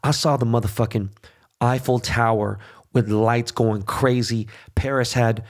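A man's voice: medium pitch, steady tone, unhurried. A man hosting a podcast, in a heated, profane political rant with frequent "okay?" check-ins. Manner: heated, swearing constantly, repeats "okay?". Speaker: podcast host.

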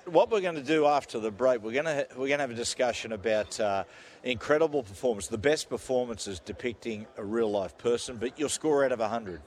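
A man's voice: medium pitch, a little fast. Australian male radio host, jovial storyteller, casual banter.

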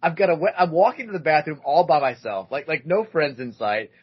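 A man in his thirties hosting a podcast, telling a story in a casual, animated way and acting out other people's lines with lots of "like". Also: on the high side, a little fast, slightly rough, muffled recording. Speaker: podcast host.

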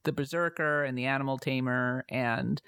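A woman co-hosting a podcast in casual chat, making measured, thoughtful comments. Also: a bass voice, steady tone, fairly bright tone, smooth, no room sound, clean studio sound. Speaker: podcast co-host.

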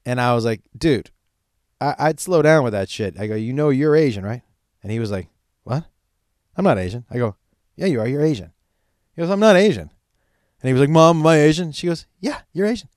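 Middle-aged male comic, profane storyteller, lively swooping delivery, dry booth sound. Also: mid-range voice, brisk, pauses often, dry recording. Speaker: comedian. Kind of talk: stand-up style storytelling.

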